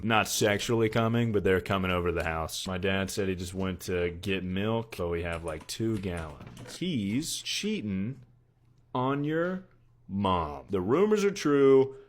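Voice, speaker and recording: A young man with a lowish voice, talking to his stream in a dry, deadpan way. He tosses out crude one-liners and answers viewers' questions with flat comebacks. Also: normal speed, hardly any pauses. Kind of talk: comedic stream chat.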